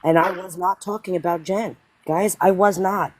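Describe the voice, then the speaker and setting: A woman hosting a casual live stream, talking fast and insistently, often asking "you know what I mean". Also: fairly low pitch, steady tone, a little mellow, slightly rough, no room sound. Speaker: host.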